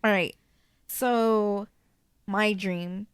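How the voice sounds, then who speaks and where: A young woman co-hosting a casual podcast, telling stories in a chatty, animated way with plenty of swearing. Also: medium pitch, drawn-out words, smooth, dry recording, clean studio sound. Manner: chatty, profane, animated storytelling. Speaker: podcast co-host.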